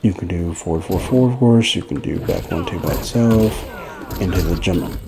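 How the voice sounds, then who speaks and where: A man's voice: low-pitched, normal speed, vocal fry, noisy background. A young man giving casual, rambling gameplay commentary for a fighting-game guide, a little out of breath. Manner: rambling, loose, with many fillers and restarts. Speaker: gaming guide creator.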